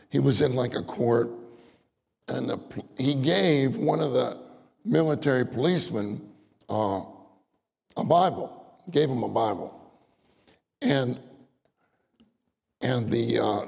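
A man's voice: medium pitch, vocal fry, in a large hall. An older man preaching a conversational sermon, acting out short prayers as he talks. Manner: animated, conversational, acts out prayers.

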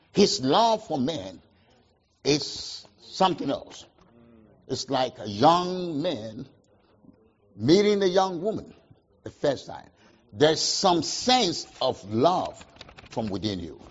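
A man preaching a sermon, asking the congregation questions and answering them, with sharp swings between loud emphasis and quiet asides. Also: on the high side, husky, lo-fi sound. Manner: call-and-response questions, emphatic swings in loudness.

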